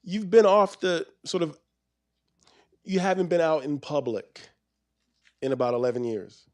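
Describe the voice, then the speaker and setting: A man's voice: on the high side, steady tone, measured pace. Man asking rambling questions. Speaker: interviewer. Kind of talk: onstage book conversation. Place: bookstore event.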